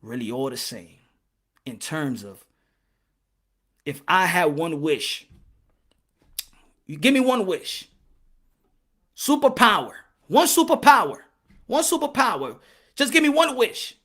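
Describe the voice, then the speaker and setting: A man hosting a boxing channel, delivering impassioned, preachy commentary and switching between English and Spanish, rising to shouts when worked up. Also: a little high, very animated, slow pace, pauses often.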